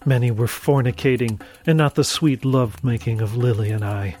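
Male narrator, first-person horror reading, dramatic delivery with dark, slowed emphasis. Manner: dramatic, drops low and slows for grim moments.

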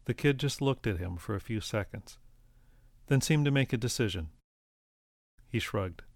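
In a clean studio recording with no echo, a male audiobook narrator reads a story aloud. He keeps a steady, even storytelling manner, with a mid-range voice at a moderate pace.

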